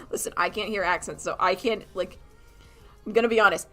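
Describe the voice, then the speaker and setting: A woman's voice: mid-range voice, moderate pace, pushed and bright, soft background music. A woman from Canada chatting casually on a live stream while she draws, rambling and laughing at herself as she answers chat. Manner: rambling, giggly, self-mocking, talks to chat. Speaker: streamer and animator.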